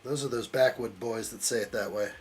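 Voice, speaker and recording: A man of middle pitch hosts a relaxed live stream, tossing out jokes and playful teasing as he answers his chat. Faint music plays quietly behind him. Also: a little fast. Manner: joking, teasing banter while reading chat aloud. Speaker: live stream host building a model kit.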